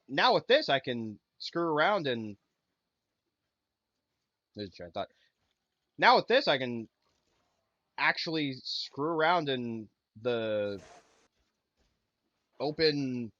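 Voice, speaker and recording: A man's voice: mid-range voice, sing-song, takes it slowly, long pauses, a bit bright, no echo, muffled recording. A man casually chatting while streaming a video game, rambling and losing his train of thought. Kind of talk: casual gameplay chat.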